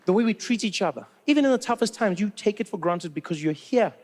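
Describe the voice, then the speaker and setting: A South African man doing stand-up, his voice pitched high for a man. He tells his stories in an animated way and repeats words for effect. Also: quick pace, some chatter behind. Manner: animated storytelling with repetition. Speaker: stand-up comedian. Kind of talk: stand-up comedy set.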